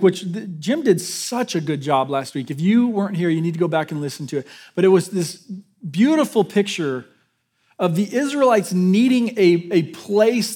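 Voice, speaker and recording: A man's voice: sits high, darkish tone. A man preaching a sermon to his congregation in a conversational way, joking with them and restarting his sentences. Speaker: pastor.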